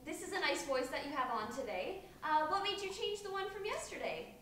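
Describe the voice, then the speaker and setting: A woman's voice: high-pitched, animated, brisk, fairly bright tone. A woman acting as a yoga studio worker in live improv theatre. She is chatty and apologetic and stumbles over her words. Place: theatre stage. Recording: very echoey live theatre from far off, faint room noise.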